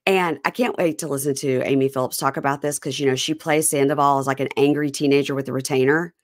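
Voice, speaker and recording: A woman's voice: a bass voice, fairly even intonation, quick pace, dry recording, studio quality. A woman hosting a podcast in casual chat, wry, often quoting people in put-on voices. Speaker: podcast host.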